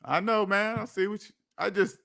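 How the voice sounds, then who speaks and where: Animated high-voiced man ranting casually. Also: normal speed, creaky. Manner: animated, incredulous, repeats lines for emphasis. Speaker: finance channel host. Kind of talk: casual livestream rant.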